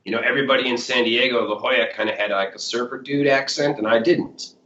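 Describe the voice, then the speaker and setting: Rambling Chicago man, bright and roomy. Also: medium pitch, steady tone, fast talker. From Chicago area. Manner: rambling, full of "like" and "you know". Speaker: blues musician guest. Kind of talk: casual storytelling interview. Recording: roomy, dull lo-fi sound.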